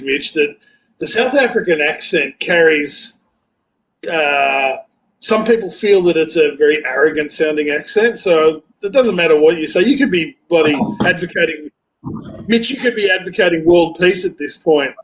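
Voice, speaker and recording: An earnest man with a high voice chats on a live stream. He is placating and repeats his phrases as he works round to his point. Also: animated, moderate pace, poor audio. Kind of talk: casual chat on a live stream.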